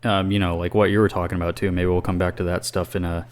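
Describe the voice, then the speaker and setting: A man's voice: low voice, little pitch movement, fast, clean tone. A man co-hosting a casual podcast, rambling with lots of fillers and swearing. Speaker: podcast co-host.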